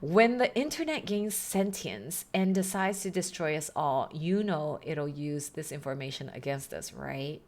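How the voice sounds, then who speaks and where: A woman's voice: low voice, measured pace, hardly any pauses, a little mellow. A woman streaming a game, chatting casually and reading on-screen text aloud with wry asides. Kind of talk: casual game playthrough commentary.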